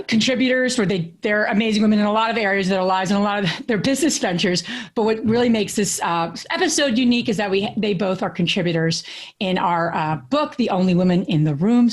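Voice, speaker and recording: A woman in her thirties co-hosting a podcast, telling stories in an animated way with many fillers and restarts. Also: medium pitch, fairly quick. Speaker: podcast co-host. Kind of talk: casual podcast chat.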